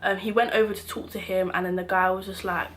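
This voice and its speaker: A woman's voice: medium pitch, fast. Slangy British woman telling a story. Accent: British English. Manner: animated, slangy retelling that acts out quoted shouts. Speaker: vlogger. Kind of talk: storytime vlog.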